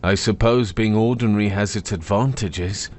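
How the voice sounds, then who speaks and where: A man's voice: fairly low pitch, normal speed, darkish tone, lightly acted. A man narrating a fantasy story, voicing a mild, polite mapmaker in a plain voice. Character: mild, ordinary cartographer man, polite and dry.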